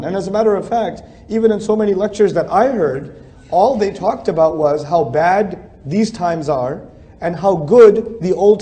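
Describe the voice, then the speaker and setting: Mellow-voiced man giving an emphatic lecture. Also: sits high. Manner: conversational, emphatic repetition. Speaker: Islamic speaker. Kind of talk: religious lecture.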